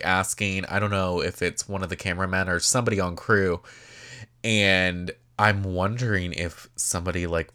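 A man's voice: low voice, fairly bright tone, smooth. A man recapping reality TV in a casual, gossipy chat, swearing freely and filling his talk with "like". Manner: chatty and gossipy, swears freely, many "like" fillers.

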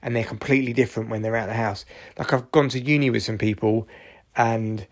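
A man's voice: mid-range voice, steady tone, quick pace. A man in his forties, tired and achy, rambling through a sweary, jokey solo podcast monologue. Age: 40s. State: tired, achy after exercise. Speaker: podcast host.

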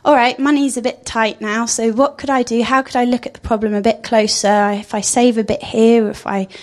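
A woman's voice: fairly high pitch, steady tone, brisk, a little mellow. A woman giving an informal sermon, chatty and thinking aloud with frequent fillers. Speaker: speaker giving a church talk.

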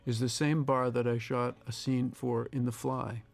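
A man in his sixties, a film director giving a reflective, measured audio commentary. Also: medium pitch, level tone, vocal fry. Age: 60s. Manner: reflective, measured, with pauses and restarts.

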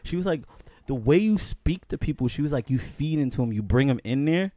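A man's voice: fairly high pitch, animated, brisk, mellow, dry recording. Young dude telling stories on a chill podcast, keeps going "man listen", dry sound. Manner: storytelling, repeats "man, listen" and "you know what's so crazy". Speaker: podcast co-host. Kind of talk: casual chat.

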